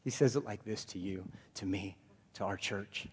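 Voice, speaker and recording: A male pastor preaching a sermon to his congregation in a lively, joking manner. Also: on the low side, moderate pace, husky. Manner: animated preaching, jokes with the congregation. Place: church sanctuary. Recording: long hall reverb.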